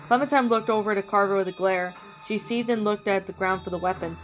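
A woman's voice: mid-range voice, quick pace, few pauses. Woman reading a fan story aloud. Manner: plain reading with small slips. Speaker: story reader. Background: faint music.

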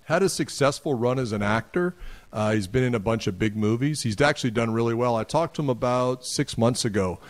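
A man guesting on a podcast, telling stories in a casual, animated way and acting out other people's lines. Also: medium pitch, a little fast. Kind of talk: casual storytelling.

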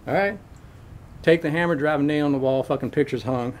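A man's voice: a little high, a little fast, slight background noise, natural voice. A middle-aged man playing a crude, folksy handyman who rambles along in profane slang, in a comedic monologue.

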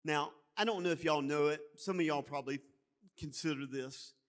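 High-voiced Southern pastor preaching. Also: male voice, normal speed. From Alabama. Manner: builds from quiet storytelling to loud preaching; folksy, calls the congregation y'all. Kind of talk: sermon.

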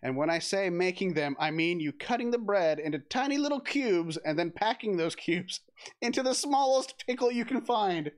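A man's voice: sits high, animated, moderate pace. A man streaming a text adventure game, reading the game text aloud with giggles, swearing and restarts. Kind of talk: casual let's-play commentary, reading game text aloud.

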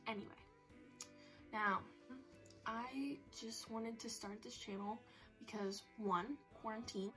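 A woman's voice: on the high side, slow pace, pauses often, sharp tone, soft background music, low-quality recording. A teenage girl chatting to camera on a phone for her vlog, rambling and poking fun at herself. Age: teens. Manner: rambling, self-mocking, chatty. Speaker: vlogger. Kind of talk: casual chat to camera.

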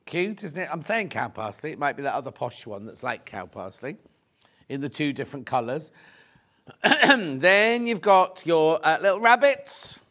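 A man's voice: a little high, very animated, a little slow, pushed and bright. A man presenting fabrics on a live shopping show, chatty and effusive, thinking aloud as he goes. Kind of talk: live product demonstration.

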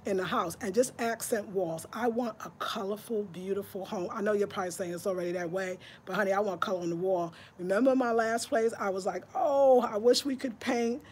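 A woman's voice: medium pitch, brisk, few pauses, slight background noise. Chatty woman in her fifties from New York. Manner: chatty, breezy, talks to viewers like girlfriends. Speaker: lifestyle vlogger. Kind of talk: casual chat to the camera. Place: at home indoors.

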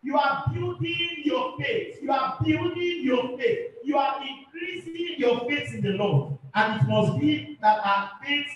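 A man's voice: very high-pitched, unhurried, hardly any pauses, highs cut off, a little hiss or hum. A man preaching a fervent sermon as pastor, repeating his points and calling for amens. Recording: very echoey hall, far from mic.

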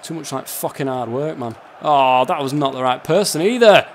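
Sweary man shouting at a football game. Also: medium pitch, animated, moderate pace, a little hiss or hum. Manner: swears a lot, laughs, shouts at players. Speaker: gaming YouTuber. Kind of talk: casual gameplay commentary.

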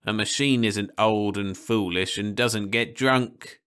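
A very old, sad man, as a male reader puts him on, speaking slowly in a worn, mournful way. The sound is bright and clean, the words unhurried. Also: lowish voice, clean tone. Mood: sorrowful.

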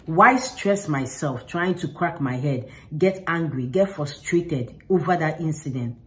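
A woman's voice: low-pitched, animated, a little slow, few pauses, low-quality recording. A woman talking straight to the camera, giving earnest, informal faith advice and repeating herself for emphasis. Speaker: faith vlogger.

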